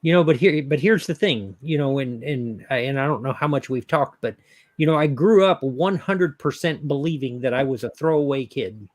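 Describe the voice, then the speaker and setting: A man's voice: medium pitch, animated, moderate pace, dry recording. A man co-hosting a live online talk show, speaking in an earnest, reflective way. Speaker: co-host. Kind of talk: casual chat.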